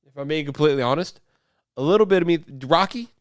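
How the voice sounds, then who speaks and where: A man's voice: on the high side, expressive, quick pace, clean tone, no echo, clean studio sound. A young man hosting a video, reading a script aloud and breaking off for sarcastic jokes and chats with his dog. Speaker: YouTube host. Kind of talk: reading a script with joking asides.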